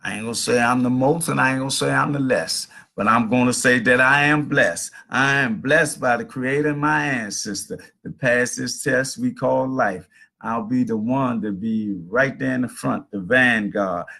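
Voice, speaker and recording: Middle-aged man, livestream host, rambling preachy storyteller, gravelly husky voice. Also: mid-range voice, normal speed, bright, forceful tone. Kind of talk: casual livestream monologue. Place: at home.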